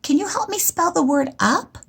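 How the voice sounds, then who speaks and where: A woman teacher giving an early-grade writing lesson, talking slowly in a sing-song way and stretching out words for young children. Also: very high-pitched, expressive, creaky.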